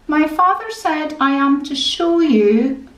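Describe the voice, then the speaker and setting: Woman playing a high, flustered young girl, gushing, echoey room. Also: animated, takes it slowly, a bit bright, distant mic, exaggerated voice. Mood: polite. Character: sweet, excitable young castle girl. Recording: roomy echo.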